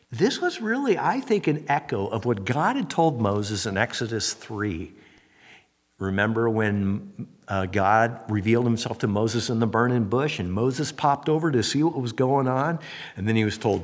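A man preaching a sermon as a pastor, animated, acting out the voices of the people he quotes. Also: mid-range voice, normal speed, big-room sound.

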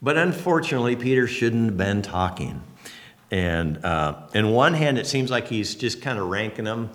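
A man preaching a sermon as a pastor, folksy and conversational, with sudden bursts of excitement. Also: lowish voice, normal speed, long reverb tail. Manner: animated, folksy and conversational, leaps up for exclamations.

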